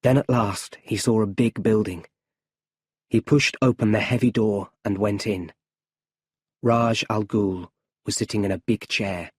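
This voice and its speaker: A man's voice: lowish voice, fairly even intonation, a little slow, breathy edge, no room sound, clean studio sound. A man reading a story aloud for English learners, in a careful storybook manner. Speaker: audiobook narrator. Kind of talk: slow scripted narration for English learners.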